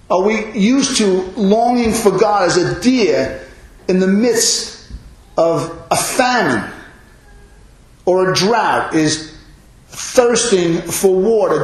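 A man preaching a sermon as pastor, impassioned, rising into loud cries on quoted lines. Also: a little high. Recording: very echoey hall.

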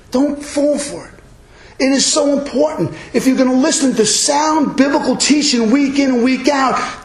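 A male pastor delivers a sermon in a fairly high voice, earnest and emphatic. His words ring out in a roomy, echoing church.

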